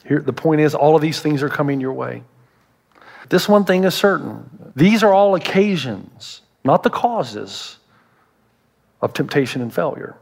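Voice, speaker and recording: High-voiced man preaching. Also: expressive, unhurried, gravelly, darkish tone. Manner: humorous storytelling preacher. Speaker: pastor. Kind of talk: sermon.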